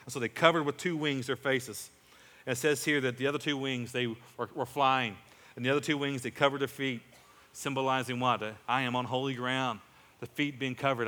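Emphatic pastor preaching in a reverberant hall. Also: male voice, mid-range voice, pushed and bright. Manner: emphatic, rising to exclamations. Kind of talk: sermon.

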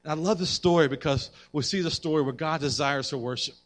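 A man preaching a sermon to women, reading scripture aloud and swinging between loud emphasis and quiet asides. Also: fairly high pitch, fast talker. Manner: addresses the women in the audience directly; reads scripture aloud and comments on it.

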